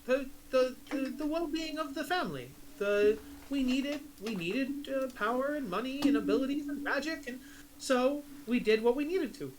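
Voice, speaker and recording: Dude doing a cold mom who won't trust anyone, curt, kinda flat. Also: male voice, very high voice, moderate pace, noisy background, voice pushed up. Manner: curt, dismissive. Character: cold distrustful mother, female, middle-aged.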